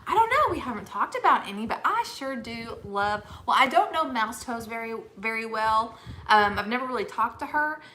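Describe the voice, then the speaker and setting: A woman co-hosting a homestead channel, chatting casually and telling stories with lively laughter. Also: a little high, normal speed, a little hiss or hum. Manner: animated, laughing storyteller. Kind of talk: casual chat.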